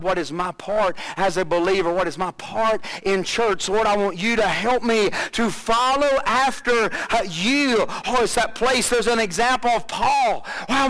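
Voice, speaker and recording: A man preaching a sermon as pastor, full of rhetorical questions and swings between rising fervor and quiet low passages. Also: poor audio.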